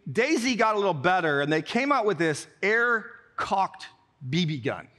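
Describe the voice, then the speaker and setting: A middle-aged male pastor from Alaska telling a story in a sermon, animated and acting out his quotes. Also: sits high. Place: church.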